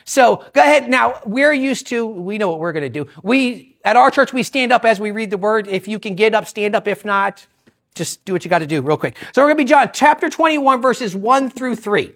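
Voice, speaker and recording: A man's voice: high voice, expressive, fairly quick, a bit bright. A visiting preacher giving a sermon, a man telling stories conversationally with joking asides and self-interruptions. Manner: repeats phrases, self-interrupting.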